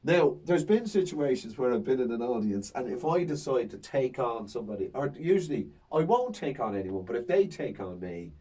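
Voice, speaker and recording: A stand-up comedian chats casually, animatedly acting out his banter with audience members as he tells the story. His medium-pitched voice is brisk with a breathy edge and few pauses, picked up by a distant mic.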